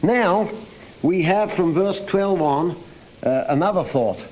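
A man's voice: sits high, expressive, slow, a little mellow, poor audio. A man preaching a sermon on a psalm, earnest and emphatic, reading scripture aloud between his own comments.

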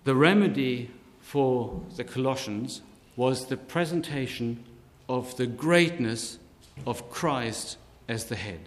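Man preaching real slow, stresses big words, long hall echo. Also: mid-range voice, expressive. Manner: slow, deliberate preaching with emphatic rises on key words. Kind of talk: sermon.

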